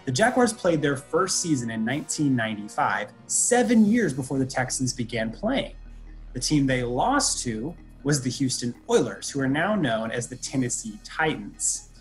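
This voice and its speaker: A show host reading a scripted quiz segment in an upbeat, game-show way. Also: mid-range voice. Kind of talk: scripted hosting.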